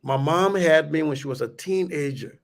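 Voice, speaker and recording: A middle-aged man from Liberia with a Liberian accent, telling a story in a lively, animated way on a radio talk show. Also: on the high side, moderate pace, gravelly. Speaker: radio guest. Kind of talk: storytelling in conversation.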